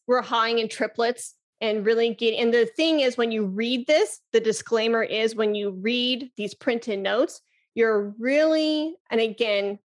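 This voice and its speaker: With a slightly high voice, this woman is a flute teacher being interviewed casually. She's eager and quick to laugh, and she shows off breathy "ha" sounds.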